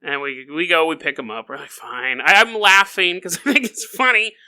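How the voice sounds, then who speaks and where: A man hosting a podcast, telling stories in a goofy, animated comedic monologue and often laughing as he talks. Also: high voice, a little fast. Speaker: podcast host.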